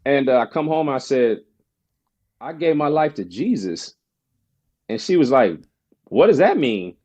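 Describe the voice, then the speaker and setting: A man telling a personal story in casual conversation as a podcast guest, animated and slangy, acting out quoted friends. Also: medium pitch, unhurried, lo-fi sound. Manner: casual slang, frequent "bro" and "you know".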